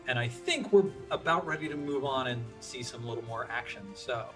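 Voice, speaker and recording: A man acting as game master of a tabletop game, upbeat and quick with affirmations. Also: mid-range voice, expressive, music in the background.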